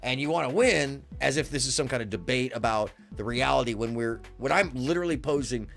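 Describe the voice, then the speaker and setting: A man's voice: medium pitch, fairly quick, vocal fry, a bit bright, soft background music. A man hosting a livestream, ranting at his chat in a profane, sarcastic, indignant way. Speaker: livestream host. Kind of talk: heated livestream rant at chat.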